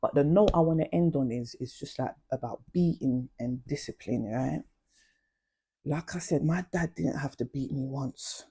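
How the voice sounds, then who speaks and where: A woman's voice: very deep voice, moderate pace, dark tone, husky. A young adult woman, chatting casually and confidingly about her past in slang-heavy storytelling. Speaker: vlogger.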